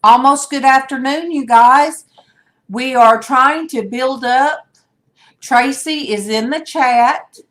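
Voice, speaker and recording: A woman's voice: high-pitched, slow pace, a bit bright. An older woman hosting a casual livestream chat over a video call, rambling and greeting viewers by name. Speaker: livestream host.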